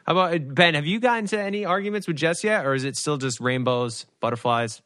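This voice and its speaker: Bright-voiced man chatting on a video call. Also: on the high side, quick pace. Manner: animated storyteller, acts out his own lines. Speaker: podcast co-host. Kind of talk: casual chat over video call.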